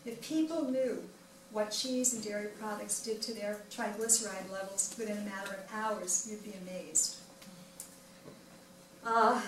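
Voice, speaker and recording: An older woman giving a personal wellness talk at a library event, telling her story in an animated way and acting out the dialogue. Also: mid-range voice. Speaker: wellness speaker. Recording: echoey room from far off, noisy.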